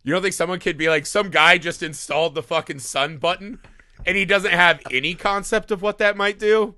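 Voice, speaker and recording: A man with a high, bright voice talks through a movie on a podcast, bouncing between jokes and mock voices of the characters. He swears freely and keeps the chat loose. The sound is close and dry. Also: steady tone, brisk, no echo. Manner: riffing, acts out movie scenes in silly voices; swears often. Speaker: podcast co-host. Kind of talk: casual movie review chat.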